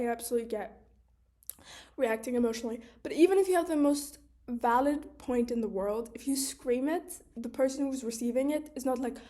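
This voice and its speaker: Chatty high-voiced young woman. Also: mellow. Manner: candid, swears freely, chatty with many "like" fillers. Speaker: video creator. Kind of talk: casual talking-to-camera monologue.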